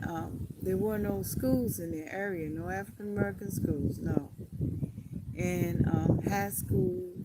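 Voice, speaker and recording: Slow-talking woman livestreaming from the beach, lots of outdoor noise on the phone mic. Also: mid-range voice. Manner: rambling, repeats herself, talks slowly with pauses. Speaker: live-streamer. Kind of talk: casual rambling live stream.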